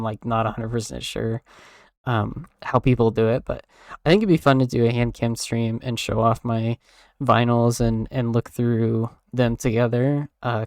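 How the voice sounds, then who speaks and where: A young man chats on a stream in a loose, rambling way, leaning on fillers and tossing in casual swearing. His mid-range voice has a gravelly fry. The sound is dry and close. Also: mid-range voice, darkish tone, dry recording.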